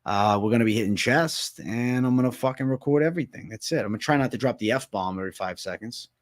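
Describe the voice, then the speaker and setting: Young man, from Massachusetts, livestream host, casual chat, constant swearing, mid-pitched voice. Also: quick pace. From Massachusetts, USA. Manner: loose and profane, swears constantly. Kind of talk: casual livestream chat, reading viewer comments.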